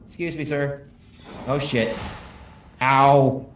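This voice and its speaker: A man's voice: mid-range voice, slow pace. A man chatting and calling out spell words while playing a game with friends. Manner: shouts spell words, lively. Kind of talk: casual multiplayer game chat. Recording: echoey room with faint noise.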